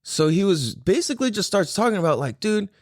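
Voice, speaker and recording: A man's voice: high voice, big pitch swings, a little fast, darkish tone, no echo, clean studio sound. A man hosting a podcast, telling a story in a casual, rambling way full of "like"s. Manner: rambling, lots of fillers and "like"s. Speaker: podcast host.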